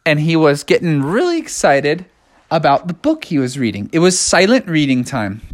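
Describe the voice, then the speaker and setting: Animated storybook narrator. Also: medium pitch, moderate pace. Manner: playful, animated, casual phrasing. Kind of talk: children's storybook read-aloud.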